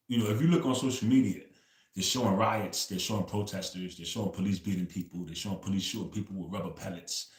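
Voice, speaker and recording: A man's voice: low voice, roomy sound. A man hosting a casual livestream, telling stories loosely and tagging "bro" onto nearly every phrase. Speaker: livestream host.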